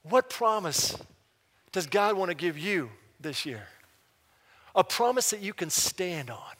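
A man preaching a sermon as pastor, reading scripture slowly and swinging from loud urgent bursts to hushed emphasis. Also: high voice, very animated. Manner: reads scripture slowly and deliberately. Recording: live hall reverb.

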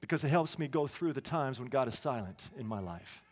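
A man's voice: medium pitch, lively intonation, fairly quick. A man preaching a sermon in a conversational way, with asides and restarts, in a church. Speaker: pastor. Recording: long reverb of a hall.

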